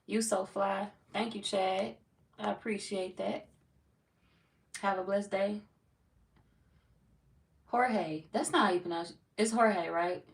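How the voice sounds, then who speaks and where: A woman's voice: mid-range voice, steady tone, slow, gravelly, long pauses, recorded from a distance. A woman reading tarot on a livestream, chatting loosely with viewers, reading their comments aloud and laughing often. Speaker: tarot reader greeting live chat. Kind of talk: casual livestream chat.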